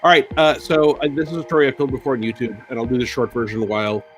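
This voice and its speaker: A middle-aged man telling a funny story on a casual live stream, animated and acting out the screams. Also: medium pitch, quick pace. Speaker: co-host and game designer.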